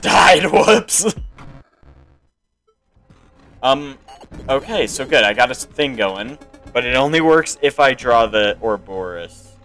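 A man playing a card game on his channel and thinking out loud, with sudden excited outbursts between calm remarks. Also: lowish voice, rough recording. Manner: excitable reactions and self-talk. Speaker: gaming channel host. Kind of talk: let's play commentary.

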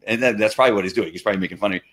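A man hosting a live stream, talking casually in an excitable, rambling way with many restarts. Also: lowish voice, racing, slight background noise.

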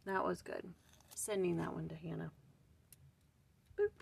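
A woman's voice: lowish voice, steady tone, unhurried, creaky, darkish tone, slight background noise. A woman hosting her own casual scripture study, thinking aloud in earnest and searching for words with sighs and restarts. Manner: earnest, urging questions to the listener. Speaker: host of a daily scripture study channel.

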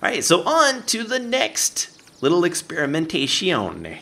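A man giving playful, animated let's-play commentary, talking to the game and his viewers and jumping up to excited yelps. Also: a little slow, vocal fry, background noise. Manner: jumps to high excited yelps. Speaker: gaming YouTuber.

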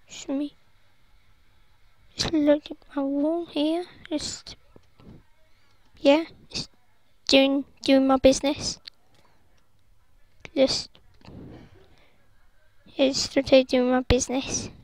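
A woman's voice: high voice, flat delivery, slow pace, pauses often, no room sound. A woman giving rambling, giggly commentary over a video game, breaking into silly singing and squeals. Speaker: gaming video host.

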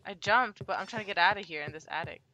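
A woman's voice: medium pitch, quick pace, background noise. A young woman playing a horror game with a friend, jumpy and swearing as she gets startled. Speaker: gamer streaming a co-op horror game. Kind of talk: casual gameplay chat.

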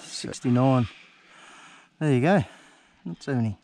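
An excitable Australian man chatting with a mate while fishing on a river, recorded outdoors on a camera mic. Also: medium pitch, measured pace, a little hiss or hum. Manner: excitable, laughing banter with a mate. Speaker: fishing vlogger. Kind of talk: casual chat while fishing.

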